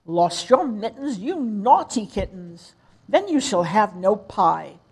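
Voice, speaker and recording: A woman's voice: medium pitch, big pitch swings, takes it slowly, darkish tone, slightly rough, full character voice. An older woman voicing a stern mother cat scolding her kittens. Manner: scolding, firm.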